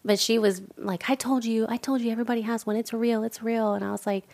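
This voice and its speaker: Animated woman telling a family story. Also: on the high side, fast, vocal fry. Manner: animated storyteller acting out dialogue. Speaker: podcast co-host. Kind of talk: casual chat.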